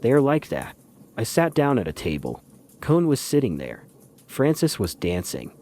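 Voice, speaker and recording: A man narrating a novel as an audiobook, in measured, dry first-person storytelling. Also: mid-range voice, huge pitch swings, darkish tone. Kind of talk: scripted literary narration.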